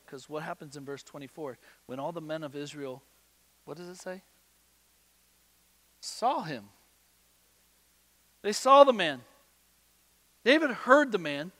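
Man preaching with a high, bright voice. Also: sing-song, moderate pace, long reverb tail. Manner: swings between loud emphatic bursts and quiet low asides. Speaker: pastor. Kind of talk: sermon.

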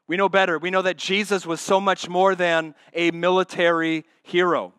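A man preaching a sermon as pastor, moving between quiet asides and loud, emphatic passages, with repeated rhetorical questions to the congregation. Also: high voice, level tone, moderate pace, clear, resonant tone, no echo, clean studio sound.

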